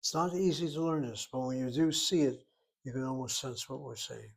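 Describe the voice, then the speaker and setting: A man's voice: medium pitch, a little fast, creaky, slightly rough. Methodical male Hebrew teacher. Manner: methodical, explains step by step. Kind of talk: informal language lesson.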